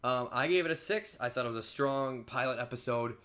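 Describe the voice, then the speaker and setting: A man co-hosting a casual podcast, agreeable and quick to chime in with short affirmations. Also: mid-range voice, bright, forceful tone. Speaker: podcast co-host.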